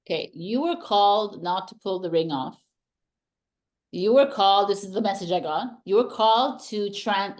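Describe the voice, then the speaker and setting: Tarot reader host, woman, lower pitch, earnest and emphatic spiritual guidance. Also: a little mellow. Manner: earnest, emphatic, passes on intuitive messages. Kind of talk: casual spiritual chat.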